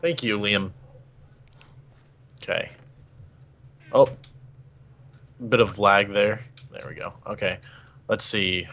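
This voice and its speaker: A man's voice: fairly low pitch, takes it slowly, long pauses, a bit bright. Easygoing man with a Boston accent. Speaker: new server member. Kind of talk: casual gaming chat.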